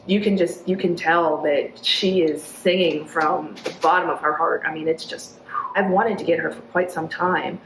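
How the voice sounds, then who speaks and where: A chatty woman in her forties tells stories in a somewhat low voice and jumps up high whenever she acts out what others said. She speaks in a roomy, echoing space with a faint hum of ambience behind her. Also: fairly even intonation, normal speed. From Arkansas, USA. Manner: chatty storyteller, acts out quotes in a high voice, laughs often. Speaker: executive director of a downtown nonprofit, interview guest. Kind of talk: casual interview chat. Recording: echoey room with faint ambient noise.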